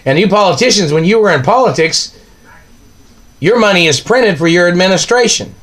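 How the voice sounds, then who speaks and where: A man's voice: sits high, lively intonation, fairly quick, a bit bright. A man delivering an angry, accusing monologue, ranting and firing off repeated questions.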